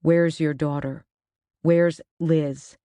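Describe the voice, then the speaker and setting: A narrator doing a calm, steely detective. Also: medium pitch, smooth, dry recording. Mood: cold. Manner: reasonable, cold and measured.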